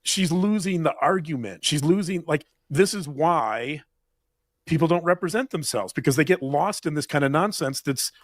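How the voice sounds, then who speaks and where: A man co-hosting a true crime talk show, speaking in animated, indignant commentary full of restarts. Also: on the high side, normal speed, dry recording, clean studio sound. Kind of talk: heated commentary.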